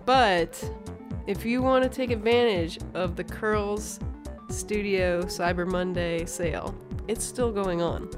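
A woman's voice: mid-range voice, takes it slowly, music in the background. A woman co-hosting a podcast, chatting in a teasing, casual way with lots of fillers. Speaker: podcast co-host. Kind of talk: casual chat.

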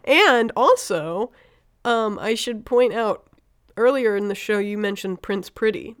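A woman co-hosting a podcast in a studio, with a clean, smooth voice at an ordinary pitch. She chats casually and a bit hesitantly, filling gaps with "like" and restarting her sentences. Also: expressive, unhurried. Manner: chatty, hesitant, lots of "like" and restarts. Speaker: podcast co-host, cartoonist.

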